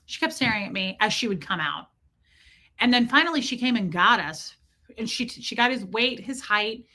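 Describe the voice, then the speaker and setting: A middle-aged woman chats to her stream in a bright, forward voice. She rambles through a story, undercuts herself with deadpan jokes and mock confessions, and breaks off now and then to answer chat. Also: fairly high pitch, moderate pace. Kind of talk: casual storytelling live stream.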